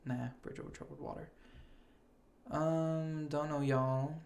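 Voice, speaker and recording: Laid-back young man, mellow voice. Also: on the high side, fairly even intonation, gravelly. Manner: casual, swears freely, reads names slowly. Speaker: podcast host. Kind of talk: casual chat reading award nominations.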